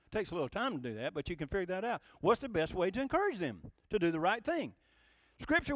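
With a high, slightly bright voice, a male preacher gives a folksy, emphatic sermon, asking the congregation rhetorical questions in a conversational way. The recording is dry.

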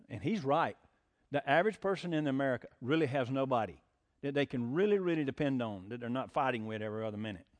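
An older man preaching a folksy sermon as pastor, mixing homespun jokes with emphatic preaching. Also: mid-range voice. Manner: homespun, jokey asides, rising to emphatic preaching.

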